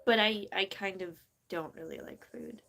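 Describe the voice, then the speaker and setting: A young woman with a Southern US accent and a naturally high voice, rambling and swearing freely in casual livestream chat. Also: wildly swooping pitch, normal speed, vocal fry, pushed and bright.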